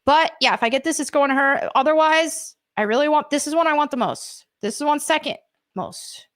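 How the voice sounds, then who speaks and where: An American woman streaming live from home, chatting excitedly as she unboxes collectible figures at her desk mic. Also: high-pitched, brisk. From United States. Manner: excitable and gushing, with gasps and laughs.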